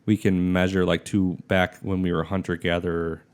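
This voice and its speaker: A man's voice: low-pitched, little pitch movement, normal speed, clear, resonant tone. A man in his thirties co-hosting a podcast in casual chat, chatty and skeptical, with lots of fillers. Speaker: podcast co-host.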